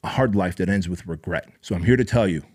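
A man's voice: deep voice, fast, darkish tone, breathy edge. Intense, profane motivational man. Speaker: podcast host. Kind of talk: motivational monologue.

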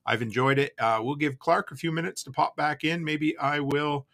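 A man hosting a live call-in podcast, chatting casually and relaxed, with the odd curse word. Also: fairly high pitch, normal speed. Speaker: podcast host taking live calls.

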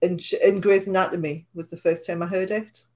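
A woman with a Geordie accent chats on a podcast in her low alto, wandering through her thoughts with plenty of "um" and "you know". She is self-mocking and quick to laugh at herself. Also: flat delivery, a little mellow. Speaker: podcast co-host. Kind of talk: casual chat.

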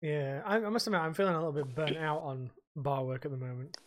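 A man's voice: a little high, quick pace, dry recording. A man co-hosting a casual podcast, telling rambling, sweary stories from his bar work. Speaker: podcast co-host; bar worker.

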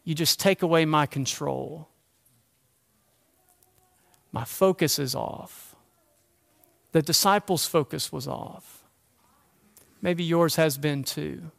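A man's voice: on the high side, measured pace, creaky, a bit bright. A man preaching a sermon as pastor, earnest and conversational, asking the listeners rhetorical questions. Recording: long hall reverb.

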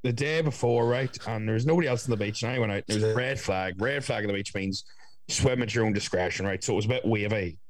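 A man's voice: on the low side, fast talker, dry recording. A young man, telling stories in a casual chat and swearing often. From Ireland. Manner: storytelling, swearing, doing voices of others.

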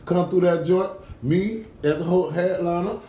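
A man, co-hosting a casual podcast, talking animatedly and cursing, shouting as he tells stories. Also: sits high, normal speed. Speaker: podcast co-host. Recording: echoey room.

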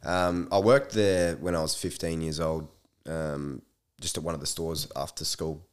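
Low-voiced Australian guy telling stories. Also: unhurried, clear, resonant tone. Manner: animated storyteller, swears freely. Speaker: podcast guest. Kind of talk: casual chat.

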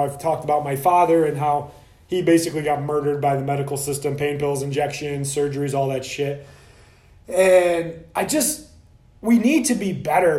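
A man ranting on a podcast, fired up and swearing freely, now and then mocking other practitioners in quick put-on asides. His voice sits high and has a mellow, dark tone. The room around him is roomy and echoey. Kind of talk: solo podcast rant.

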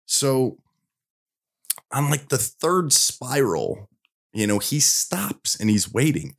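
Swearing man telling a story. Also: lowish voice. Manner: profane, animated anecdote telling with mimicked voices. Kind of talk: casual storytelling chat.

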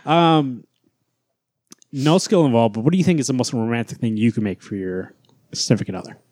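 A man's voice: mid-range voice, a little fast, a little mellow, no echo. Man, podcast co-host, blunt, swears a lot, emphatic, dry close mic. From Central or South America family roots. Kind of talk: casual chat.

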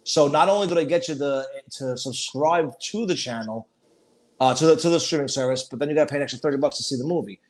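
A middle-aged man talking casually on a podcast, swearing freely and pressing his opinions hard. His voice sits a bit high for a man. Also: fast talker. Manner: profane, emphatic, animated opinions. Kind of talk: casual chat.

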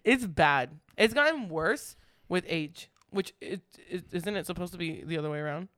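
A man co-hosting a podcast in casual chat, chatty and quick to laugh, with lots of fillers. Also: sits high, expressive, bright, forceful tone, dry recording, studio quality. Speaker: podcast co-host.

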